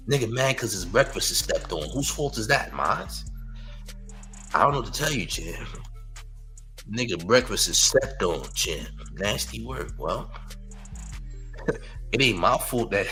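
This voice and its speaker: A man's voice: medium pitch, pushed and bright, rough recording. Taunting, slangy male live-streamer. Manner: taunting, slangy, repeats "champ" and "you heard". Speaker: live-stream news host. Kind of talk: loose mocking live-stream commentary.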